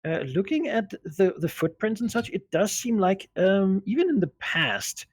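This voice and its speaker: A man's voice: sits high, big pitch swings, a little slow, breathy edge, no room sound. A man narrating a tabletop game as game master, hesitant and full of fillers.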